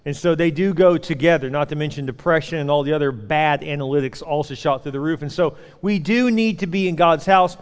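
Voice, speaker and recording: A man in his forties preaching a sermon as pastor, animated and acting out voices while he tells stories. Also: fairly high pitch, a little fast, hardly any pauses, smooth. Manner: animated storytelling, acts out voices. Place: church auditorium. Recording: long hall reverb.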